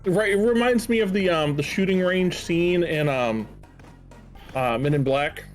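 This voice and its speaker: A man's voice: high voice, unhurried, faint music behind. A man co-commentating a game stream in a chatty, hesitant way with many fillers.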